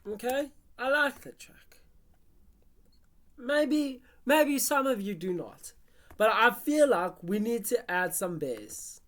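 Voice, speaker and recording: Unhurried, lively-pitched streamer who chats and hums while making a track. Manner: chatty, talks to self and chat, hums basslines. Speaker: music producer streaming live. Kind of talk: casual live-stream commentary while producing.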